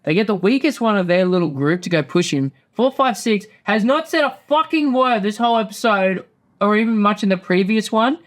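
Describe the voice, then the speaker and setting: A man's voice: high-pitched, fairly quick. A man hosting a casual show, rambling through a profane recap and acting out quotes in passing. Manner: rambling, swears often, acts out quotes. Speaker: podcast host.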